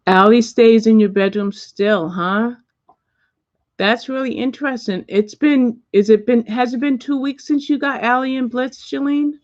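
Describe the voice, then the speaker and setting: A middle-aged woman hosts a relaxed livestream from home, chatting freely and answering her viewers' comments one by one. Her voice comes through a muffled, lo-fi mic in a dead, dry room with no echo. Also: on the high side, a little slow. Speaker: livestream host. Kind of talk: casual chat with viewers. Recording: dull lo-fi dry sound.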